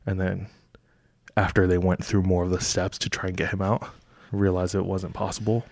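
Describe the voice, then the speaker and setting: A man's voice: low voice, level tone, normal speed, gravelly, darkish tone, no room sound. A man co-hosting a podcast, retelling a story in casual chat with lots of fillers. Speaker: podcast co-host.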